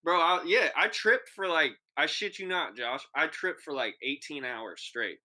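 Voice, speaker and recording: A young man with a bright, clear voice co-hosts a podcast and tells a sprawling story in loose, casual chat. He swears freely and acts out the people in the story as he goes. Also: fairly high pitch, unhurried. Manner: animated, profane, acts out quoted voices. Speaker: podcast co-host.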